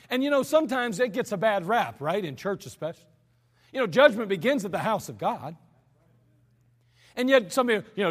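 With a high voice, big pitch swings, and a breathy edge, a male pastor preaches briskly yet takes long pauses. His earnest, conversational sermon includes humorous asides, recorded at an archived service in a church sanctuary with long hall reverb.

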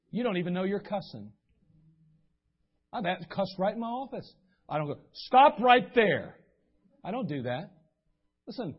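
Pastor guy preaching, kinda high breathy voice, folksy storyteller, muffled church recording. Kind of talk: sermon. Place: church sanctuary.

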